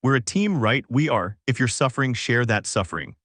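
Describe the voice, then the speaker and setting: A man's voice: mid-range voice, lively intonation, brisk, a bit bright, no room sound, clean studio sound. A man reading as a pleading elf woman. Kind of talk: storybook dialogue reading.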